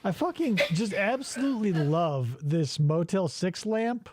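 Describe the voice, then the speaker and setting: A man's voice: high voice, big pitch swings, measured pace, background noise. A man hosting a podcast in casual chat, rambling, sardonic and profane, on a close mic. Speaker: podcast host.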